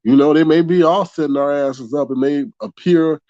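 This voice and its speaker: A man's voice: on the high side, normal speed, warm tone, no echo. Man, livestream commentary host, blunt and chatty, dry muffled mic.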